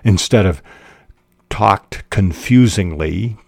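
A man hosting a fiction-writing podcast who explains craft in a measured, deliberate way, pausing often on "uh". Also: low voice, vocal fry, a little mellow, no room sound, clean studio sound. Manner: measured and deliberate, with frequent "uh" pauses. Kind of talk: instructional podcast talk.

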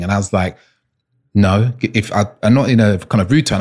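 A man's voice: on the low side, moderate pace. A man being interviewed as an intimacy coach, telling personal stories earnestly and restarting often. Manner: earnest, searching, frequent restarts.

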